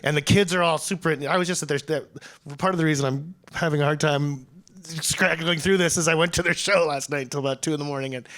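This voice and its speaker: A man's voice: fairly high pitch, steady tone, fast talker, a bit bright. A man on a festival panel telling a rambling story, full of restarts and fillers. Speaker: panel guest.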